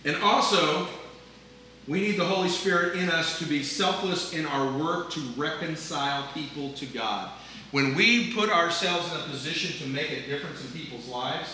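An older man preaching a sermon, earnest, moving between loud emphasis and quiet asides. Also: on the high side, a little hiss or hum. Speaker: pastor. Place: church sanctuary. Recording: echoey room, voice from a distance.

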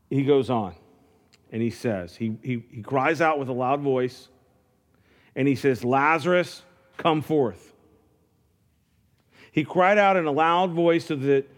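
A man preaching a sermon in a conversational way, with frequent restarts, building to fervent calls. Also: medium pitch. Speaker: pastor.

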